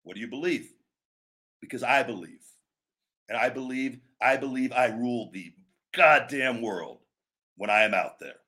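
A middle-aged man holds forth with blunt, forceful conviction, punching his points hard. He breaks into loud, stretched-out catchphrases to show how they should land, then drops back to plain talk. His voice sits in an ordinary middle register. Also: medium pitch. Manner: emphatic, blunt, acts out catchphrases with shouts and drawn-out words. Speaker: podcast host and former pro wrestler. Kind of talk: opinionated casual talk.

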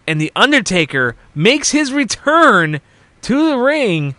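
A man co-hosting a wrestling podcast, recapping a show in a rambling, halting way full of fillers and restarts. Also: extremely high pitch, sing-song, pushed and bright, no room sound. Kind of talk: casual chat.

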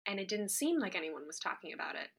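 A woman's voice: mid-range voice, very animated, fast, husky. A woman who hosts a podcast and acts, answering interview questions in an earnest, emotional way with many fillers and restarts. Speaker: podcast host and actor.

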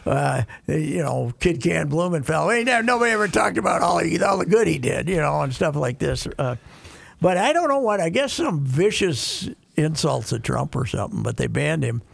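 Gravelly older man reminiscing. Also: fairly high pitch, lively intonation, moderate pace, no room sound. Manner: rambling, reminiscing, hesitant restarts. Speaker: radio talk show regular. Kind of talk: casual chat.

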